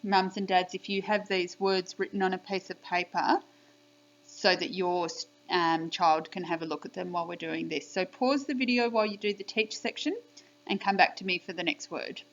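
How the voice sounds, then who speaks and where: A woman teaching a spelling lesson to young children on video, speaking slowly and clearly in an encouraging, sing-song teacher manner. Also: fairly low pitch, steady tone, fairly bright tone. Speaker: primary school teacher. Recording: dull lo-fi home video audio.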